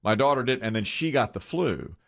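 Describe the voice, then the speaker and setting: Man, middle-aged, morning radio host, animated, teasing, mid-pitched, studio mic. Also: fairly quick. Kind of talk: casual studio banter. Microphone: studio microphone.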